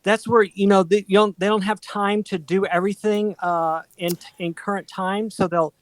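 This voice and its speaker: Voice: mid-range voice, fairly even intonation, normal speed, no room sound. A co-host of a craft show who reads out viewer comments and explains things, with lots of hesitant fillers. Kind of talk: casual chat.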